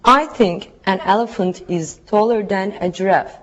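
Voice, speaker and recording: A woman's voice: medium pitch, normal speed, highs cut off, close to an everyday voice. A woman voicing an adult student who answers the teacher in a scripted classroom exchange, in a plain, careful way.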